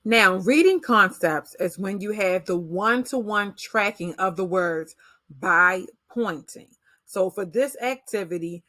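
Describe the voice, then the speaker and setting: A woman teacher walks parents through reading skills at a measured, deliberate pace. Her voice sits in a middle pitch. The sound is close and dry, with no room around it. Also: a bit bright, no room sound. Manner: slow, deliberate modeling of read-aloud pacing. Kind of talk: instructional explanation for parents.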